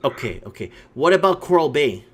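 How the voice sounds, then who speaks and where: A male host runs a casual call-in show. His voice sits a little higher than most men's. He keeps the talk going with a steady stream of curious questions. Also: slightly rough. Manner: curious, asking lots of quick questions.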